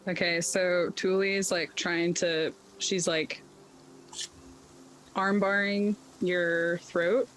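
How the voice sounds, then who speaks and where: A man's voice: sits high, level tone, slow pace, fairly bright tone, a little hiss or hum, poor audio. A man playing a tabletop game, rambling through his character's actions with lots of filler words. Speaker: player.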